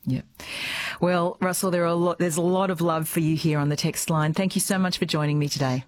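A woman hosts a radio interview. Her voice sits on the low side for a woman, and she asks her questions in an encouraging, friendly manner. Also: steady tone, a little fast. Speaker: radio host.

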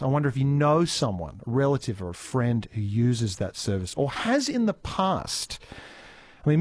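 A man's voice: medium pitch, darkish tone, no echo. Cast: Australian man, talk radio host, chatty and rambling, dry booth. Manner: chatty, with frequent fillers and restarts. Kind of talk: live talk radio hosting. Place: radio studio. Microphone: studio mic.

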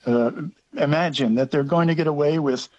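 A man's voice: fairly high pitch, normal speed, a little mellow, muffled recording. A man with an Australian accent calling in to talk radio, making his points earnestly and stumbling over some words. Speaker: caller. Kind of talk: call-in radio opinion.

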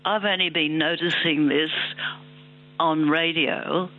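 A man's voice: on the high side, fairly even intonation, slow pace. A man calling in to a radio show, asking polite, curious questions. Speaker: caller. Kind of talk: talk radio call-in. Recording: tinny phone line with hum.

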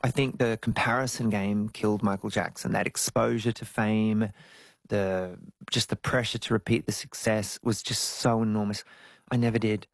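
A man, telling stories as an interview guest, jumping into high squeaky tones when he jokes. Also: normal speed, vocal fry, no room sound. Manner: animated storytelling, jumps to high squeals when joking. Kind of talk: casual interview chat.

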